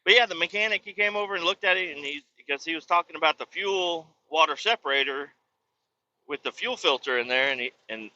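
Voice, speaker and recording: Bright-voiced man ranting, lo-fi. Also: a little high, brisk. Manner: profane, venting rant. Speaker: truck driver. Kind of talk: casual vlog monologue. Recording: dull lo-fi audio with faint road noise.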